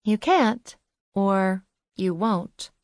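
A woman's voice: medium pitch, animated, drawn-out words, no room sound, studio quality. A woman playing a determined, probing young woman. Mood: insistent. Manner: probing, insistent questioning.

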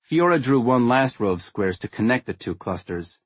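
A man narrating a first-person story in a wry, understated way, with a husky tone. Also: medium pitch, expressive, moderate pace, few pauses, no room sound. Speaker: audiobook narrator.

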